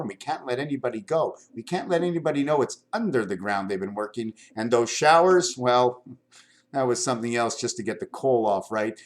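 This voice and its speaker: An older man talking to his camera in a home vlog, rambling from one topic to the next and showing things as he goes. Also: mid-range voice. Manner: wandering stream-of-consciousness talk, jumping between topics; shows items to the camera while talking. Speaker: vlogger.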